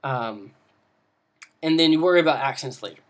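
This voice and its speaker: A man's voice: medium pitch, lively intonation, moderate pace. A man giving casual advice on running tabletop games, rambling with many fillers and restarts. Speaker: game master giving advice. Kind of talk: casual video lesson.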